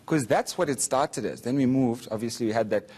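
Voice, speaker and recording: A man's voice: mid-range voice, brisk, a little mellow, breathy edge. A young man, a comedian and doctor, joking as a guest in a television interview with playful, teasing asides. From South Africa. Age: young adult.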